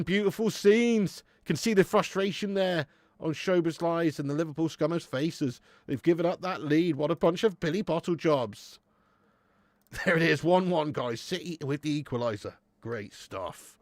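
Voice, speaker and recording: A young man hosting a live football watch-along, chatting with viewers, laughing often and swearing freely when excited. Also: on the high side, measured pace, dry recording, studio quality. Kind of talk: live match commentary and chat with viewers.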